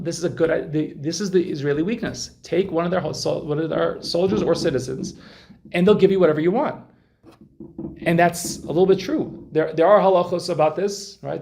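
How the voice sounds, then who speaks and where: Man, informal torah talk, gravelly, talks to the group, restarts a lot. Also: a little high, darkish tone. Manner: conversational, questions the audience, many restarts. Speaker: Torah class speaker.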